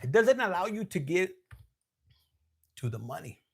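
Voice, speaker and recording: A man's voice: high-pitched, very animated, normal speed, vocal fry, slight background noise. A man giving a casual tarot reading, loose and profane, dropping Spanish slang and laughing often. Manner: laughs often, switches between loud and hushed. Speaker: tarot reader.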